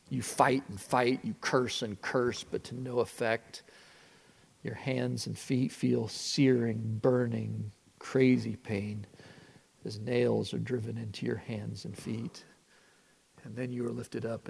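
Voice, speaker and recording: A man preaching a sermon that retells a story in the second person, earnest and swinging from hushed passages to impassioned ones. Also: mid-range voice, gravelly, breathy edge. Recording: long hall reverb.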